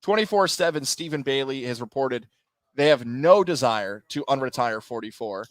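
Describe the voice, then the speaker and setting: A man co-hosting a sports radio show, telling stories in a casual, animated way and acting out quotes. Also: mid-range voice, moderate pace, no echo. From Central New York. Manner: animated storytelling, acts out quotes.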